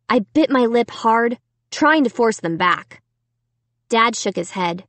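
A woman narrating a children's storybook in the first person, reading slowly and deliberately. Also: fairly high pitch, animated, a bit bright, no room sound. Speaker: audiobook narrator.

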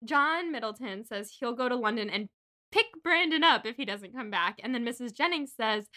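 Bright chatty young woman podcaster. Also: fairly high pitch, moderate pace. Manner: chatty, swears, acts out quotes. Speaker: podcast co-host. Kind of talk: casual book-club chat.

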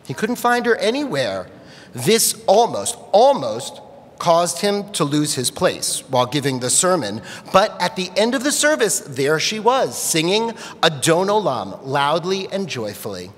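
A man telling a story at a family worship service, expressive, in a large sanctuary. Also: a little high, a little slow. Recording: long reverb of a large sanctuary.

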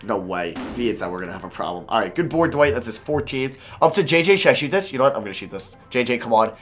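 Man, gameplay commentary, mid-pitched, swinging between calm and frustrated outbursts, faint music behind. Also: fast talker. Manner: swears and groans at misses. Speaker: video game commentator.

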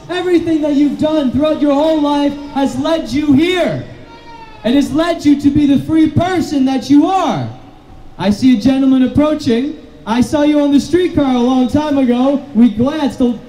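A man giving an impassioned rally speech outdoors in the rain, repeating slogans and rising to shouts. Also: extremely high pitch, reverberant, poor audio. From Canada. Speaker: rally speaker. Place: street protest outdoors in the rain.

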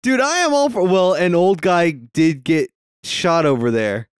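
A young man chats excitedly as a movie podcast co-host, swearing and laughing along. His voice is fairly high, smooth and full of swings in pitch. The close mic sounds dry. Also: measured pace, no echo. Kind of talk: casual movie-watching chat.

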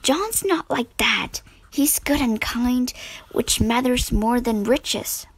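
A woman's voice: on the high side, slow pace, husky, full character voice. A woman voicing an earnest, firm young woman, the eldest sister, in a storybook.

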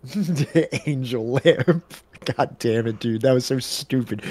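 A man of middle pitch chatting on a stream, rambling through fillers and restarts. His voice is close to the mic in a dry room. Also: slow pace, darkish tone, no echo. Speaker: co-host of a reading stream. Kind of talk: casual chat.

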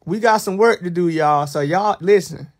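A young man, talking casually and teasingly to viewers on a livestream. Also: high-pitched. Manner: teasing, animated, drawn-out bursts of mock alarm. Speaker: livestream host.

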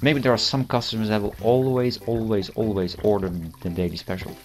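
A man's voice: lowish voice, brisk. A teenage boy giving rambling, self-amused gameplay commentary, full of fillers and restarts. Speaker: channel host.

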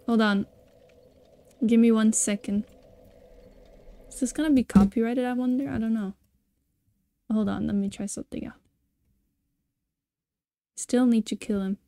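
A woman's voice: on the high side, steady tone, unhurried, long pauses, mellow. A woman streamer chatting casually with viewers while she plays, laughing often. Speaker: gaming streamer. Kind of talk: casual live-stream gameplay chat.

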